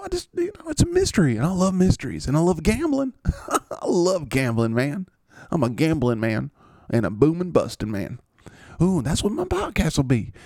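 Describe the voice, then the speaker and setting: A man's voice: high voice, gravelly, warm tone, no echo, clean studio sound, pitched above the performer's own voice, full character voice. A man voicing a cheerful, easygoing male football player with a Southern US accent, laughing and drawing out "man" in a comedic podcast bit. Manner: giddy, laughing, drawn-out "man".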